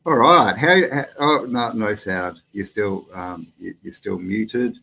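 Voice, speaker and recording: A man with an Australian accent chats casually on a live stream. His voice sits fairly low, and he talks in a loose, rambling way. He greets his viewers warmly and mates them along as he goes. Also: takes it slowly, vocal fry, slight background noise, low-quality recording.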